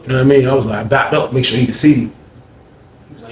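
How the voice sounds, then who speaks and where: A man's voice: mid-range voice, steady tone, racing, slight background noise. A man telling a story in a casual, slangy way, often adding "you know what I mean". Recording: echoey room.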